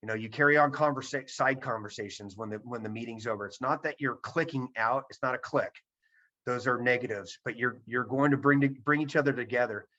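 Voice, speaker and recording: A man's voice: mid-range voice, brisk, pushed and bright. A man giving a seminar talk to a virtual audience over a video call, emphatic and repeating his key points. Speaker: presenter. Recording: dull lo-fi sound.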